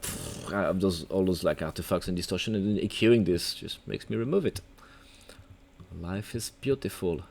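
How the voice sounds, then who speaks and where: A man's voice: low voice, a little mellow. A man with a French accent, a music producer giving a casual, rambling, playful livestream tutorial.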